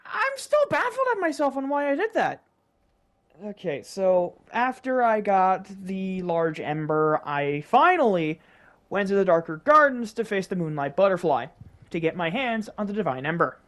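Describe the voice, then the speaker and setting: A woman's voice: mid-range voice, sing-song, moderate pace. A woman narrating her own gameplay footage in casual commentary, exasperated, self-mocking and swearing freely. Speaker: gaming YouTuber.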